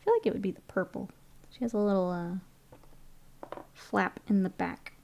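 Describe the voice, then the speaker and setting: A woman's voice: medium pitch, moderate pace, vocal fry, a little mellow, a little hiss or hum. Woman, young adult, casual livestream chat, laughs often, answers chat. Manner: chatty, laughs often, reads chat aloud. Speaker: streamer painting miniatures.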